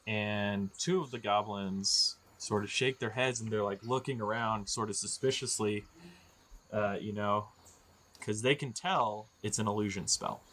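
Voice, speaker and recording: A man narrating as game master of a tabletop game, jokey and quick to laugh. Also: a bit bright, slight background noise. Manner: jokey, laughs often, squeaky voices for goblins.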